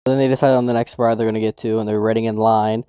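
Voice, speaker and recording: A young man casually recapping a manga chapter, excitable, swearing and laughing now and then. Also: lowish voice, quick pace, clear, resonant tone, no room sound, studio quality. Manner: excitable, swears, laughs, quotes characters in raised voice. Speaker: manga review host.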